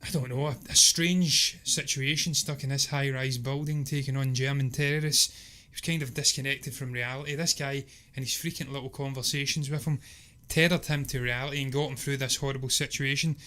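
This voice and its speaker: A man's voice: mid-range voice, fairly even intonation, fairly quick, few pauses, sharp tone. A man co-hosting a casual movie review podcast, talking emphatically and at length. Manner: emphatic, chatty, rambling. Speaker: podcast co-host.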